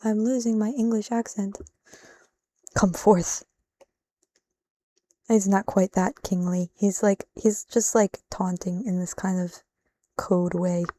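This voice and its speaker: A woman's voice: medium pitch, fairly even intonation, a little slow, dark tone, no room sound. A woman on a casual live stream, thinking aloud as she translates, switching between Japanese and English and laughing often.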